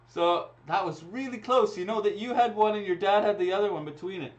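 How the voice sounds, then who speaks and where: A man's voice: high-pitched, fairly quick. A man hosting a live raffle draw, chatting casually and laughing as he runs the draws into a computer mic. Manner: chatty and laughing, talking through each draw. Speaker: raffle host. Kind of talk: casual livestream chat. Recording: dull lo-fi stream audio.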